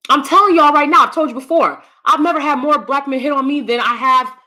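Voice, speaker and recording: Blunt, bright-voiced woman streamer. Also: sits high, fast talker. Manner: blunt, profane and emphatic. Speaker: YouTube commentary host. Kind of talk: live-stream commentary, reading chat.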